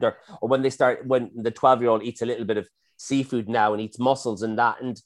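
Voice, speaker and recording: A man's voice: mid-range voice, steady tone, normal speed. A middle-aged man, a chef, talking casually and self-effacingly in an interview, often restarting his sentences. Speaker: chef and guest.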